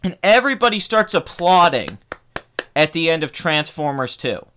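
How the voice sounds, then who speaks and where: A young man in his twenties rants in casual live stream chat, swearing freely. His voice sits somewhat high for a man. It jumps up and down with lively energy. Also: moderate pace, a little hiss or hum. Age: 20s. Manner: profane, heated ranting. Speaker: film review channel host.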